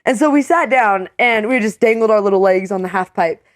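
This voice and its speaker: A young woman co-hosting a podcast, telling a story in a lively way, with many fillers and quoted voices. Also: brisk, dry recording, studio quality. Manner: animated storyteller, many "like"s, acts out quotes in a higher voice. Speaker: co-host. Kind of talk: casual storytelling.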